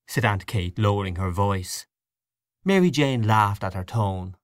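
A man narrating an audiobook in a measured storybook reading. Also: lowish voice, no echo, studio quality. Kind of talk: scripted narration.

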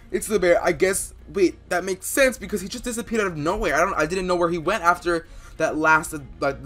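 A young man doing dramatic Minecraft role-play commentary, excitable and rambling with fillers, bursting into loud outbursts. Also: on the high side. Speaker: YouTuber playing a bee in Minecraft. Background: faint background music.

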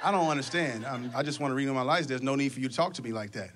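A male comedian voicing a timid male customer who talks hesitantly and softly, stammering as he goes. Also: medium pitch, racing, background noise, pitched below the performer's own voice, natural voice. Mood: meek.

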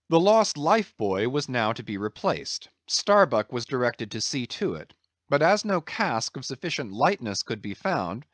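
A man reading a classic novel aloud as an audiobook narrator, in an expressive, measured storytelling manner. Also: mid-range voice, dry recording. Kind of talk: scripted narration.

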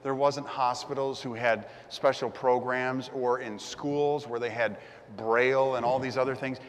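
A man's voice: medium pitch, fairly even intonation, a little slow, big-room sound, a little hiss or hum. A man preaching a sermon as the pastor, telling the story vividly and acting out the crowd's voices.

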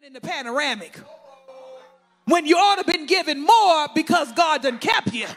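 With lively intonation and a moderate pace, a man preaches over faint background music, his very high voice bright, piercing, gravelly and rough at the edges. He shouts in fervent bursts, calling out to the congregation and piling up long repeated lists in call-and-response fashion.

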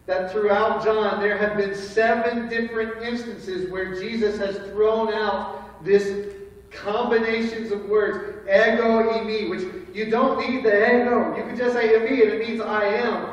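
A man's voice: high-pitched, muffled recording. A man preaching a sermon, retelling a Bible story in an earnest, storytelling way. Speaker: pastor. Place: church sanctuary. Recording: echoey hall from far off.

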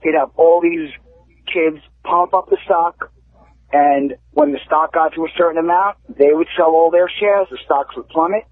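A male caller on a radio show, explaining things quickly and casually, swearing now and then. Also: fairly high pitch, fairly even intonation, dry recording. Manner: fast, explanatory, swearing freely. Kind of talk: casual phone-in chat. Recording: tinny phone line.

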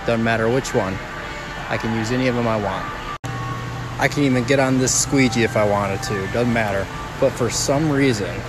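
A young man calmly narrating his own phone video at work in a dry, deadpan way. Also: medium pitch, noisy background. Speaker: warehouse worker. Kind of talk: casual phone vlog.

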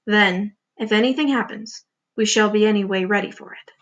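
A woman voicing a wise, calm old male grasshopper in a storybook read-aloud. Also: mid-range voice, moderate pace, lightly acted.

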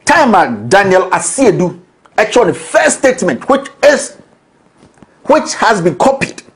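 A man's voice: high-pitched, very animated, a little slow. A man with a Ghanaian accent, hosting a political commentary show in a combative, accusatory, emphatic way. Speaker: show host.

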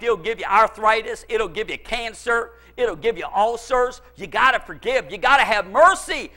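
A man's voice: sits high, bright, forceful tone. A middle-aged male pastor preaching a sermon, emphatic and repetitive as he tells personal stories.

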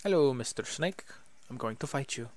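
A man's voice: mid-range voice, lively intonation, moderate pace, darkish tone. Playful man narrating his gameplay. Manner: casual, playful, mutters to himself. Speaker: gaming YouTuber. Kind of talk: let's play commentary.

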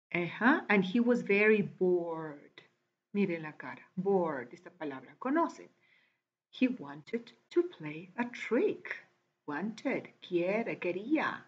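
A woman's voice: medium pitch, husky. A woman teacher walking her class through a reading lesson, patiently repeating words one by one. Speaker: English teacher. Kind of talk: recorded online class walkthrough. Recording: dull lo-fi recording.

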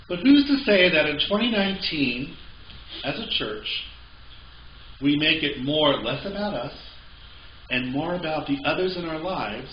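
A man's voice: on the high side, slight background noise. A male pastor preaching a sermon in a conversational way with joking asides, in a church sanctuary. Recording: echoey, slightly dull church recording.

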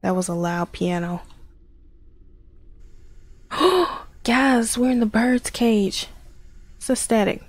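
A woman plays horror games and talks through them in a slow, unhurried way. She reacts to scares with gasps and startled remarks. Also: mid-range voice, darkish tone. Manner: jumpy, gasping reactions. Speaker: horror game player. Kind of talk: let's play commentary.

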